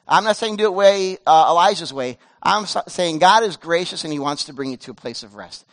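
High-voiced pastor in his fifties, casual. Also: lively intonation, fairly quick. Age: 50s. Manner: casual, earnest preaching that swings between loud pleading and hushed softness. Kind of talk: sermon.

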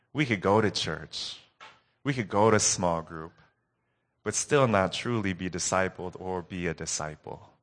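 A man preaching a sermon recap, earnest and telling a story with dramatic pauses. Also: fairly low pitch, fairly bright tone.

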